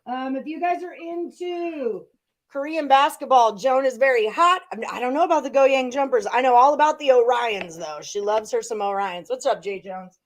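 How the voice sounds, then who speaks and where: A woman's voice: high-pitched, normal speed. A woman hosting a live sports betting show, reading out viewers' picks and chatting casually.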